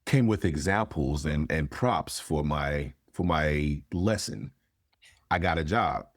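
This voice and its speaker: Very deep-voiced man, frank talker. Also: takes it slowly, no room sound, studio quality. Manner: frank, swears freely, acts out quotes. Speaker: podcast guest, therapist. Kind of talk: casual conversation.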